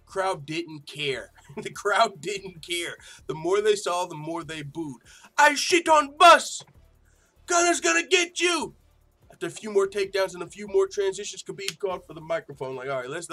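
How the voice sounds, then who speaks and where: Brief: excitable male host, fairly high voice, profane casual fight talk, faint music underneath. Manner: excitable, swearing, mimics quotes loudly. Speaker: MMA show host.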